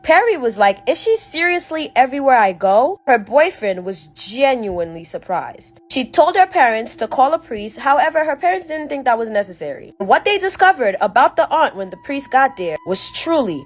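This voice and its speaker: Female storyteller, casual and chatty, expressive voice with a wide range, speaks to her followers. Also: on the high side, moderate pace, few pauses.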